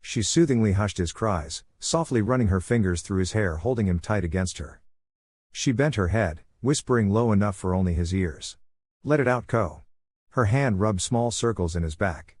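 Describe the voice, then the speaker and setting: A man narrating fan fiction aloud in a steady, even reading. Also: fairly low pitch, moderate pace, dry recording, studio quality.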